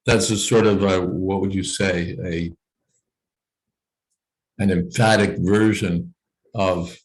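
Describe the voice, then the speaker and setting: Low-voiced male teacher explaining scripture on a video call, unhurried and thoughtful. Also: rough recording. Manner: thoughtful, explains slowly with "you know" asides. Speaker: teacher leading a scripture reading class. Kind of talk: explanatory class discussion.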